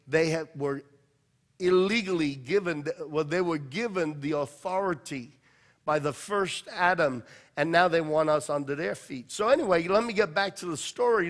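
Passionate male pastor preaching in a reverberant hall. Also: high-pitched. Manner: passionate storytelling preacher, swinging from loud to hushed. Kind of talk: sermon.

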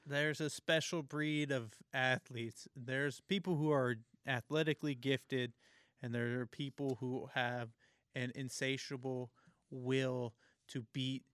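A man with a mid-pitched, smooth and clear voice co-hosts a casual sports show. He chimes in with jokes and thoughtful remarks. His sound is dry and close. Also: fairly even intonation, slow, a bit bright, no room sound. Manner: chiming in with jokes and reflections.

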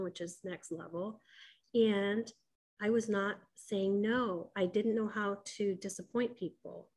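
A woman's voice: mid-range voice, rough recording. Candid middle-aged woman telling her story. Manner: candid and emphatic, with frequent fillers and quoted dialogue. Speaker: personal storyteller. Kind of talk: personal spiritual storytelling.

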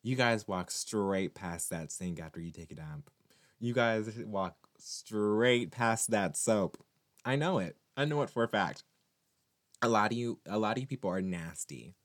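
A man vlogging to his viewers in a casual monologue, animated and teasing, rambling with many restarts. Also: lowish voice, unhurried.

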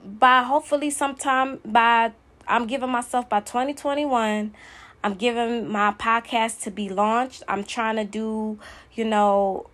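A woman's voice: on the high side, steady tone, unhurried, a bit bright. A woman hosting her own podcast, giving a blunt, emphatic motivational monologue that keeps repeating its key points. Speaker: podcast host.

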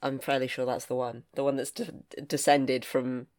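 Guy cohosting a podcast, mid-pitched, kinda halting, lots of ums. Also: level tone. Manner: hesitant, halting, with many ums. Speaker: podcast co-host and writer. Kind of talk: casual Q&A podcast chat.

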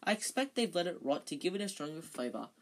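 A reader voicing a clever, anxious schoolgirl who speaks in a raised, bright voice. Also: medium pitch, sing-song, quick pace. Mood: knowing. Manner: know-all, then frantic and falsely bright.

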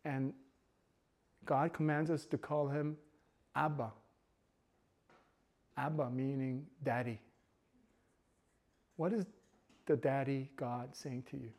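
A young adult man preaching a sermon, telling a personal story in an expressive way that swings between hushed and emphatic. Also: mid-range voice, takes it slowly, pauses often. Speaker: pastor.

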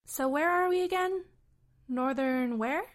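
A woman's voice: high voice, unhurried. A woman co-host in a comedy sketch, playing a cheerfully clueless tour guide. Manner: playfully clueless.

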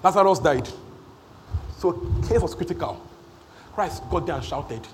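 A man preaching a sermon in church. He repeats phrases for emphasis and swings between shouting and hushed asides. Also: a little high, lively intonation, unhurried, background noise. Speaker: pastor.

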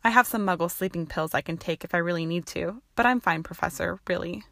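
A woman's voice: fairly low pitch, quick pace, pushed and bright, no echo, studio quality. A woman voicing a polite, subdued young student witch.

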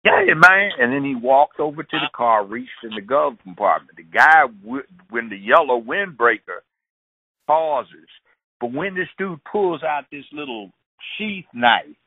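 An older man, a guest on a talk show, telling stories in an animated way and acting out the voices of street characters. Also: mid-range voice, measured pace, husky, dry recording. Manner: animated, acts out street dialogue. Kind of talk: storytelling in conversation. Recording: tinny dry phone line.

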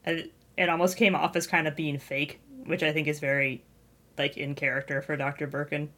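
A woman with a notably low voice chatting on a podcast. She muses tentatively and thinks out loud, unsure where her points will land. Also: flat delivery, moderate pace. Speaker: podcast co-host. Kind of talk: casual podcast chat.

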